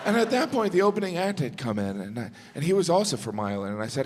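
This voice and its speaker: Male stand-up comic, lively pitch, acts out every voice in his stories, live in a big reverberant theater. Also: fast, hardly any pauses. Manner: animated storytelling, acting out both sides of conversations. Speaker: stand-up comedian. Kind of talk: stand-up comedy set. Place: large theater stage. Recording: live theater with long reverb and audience noise.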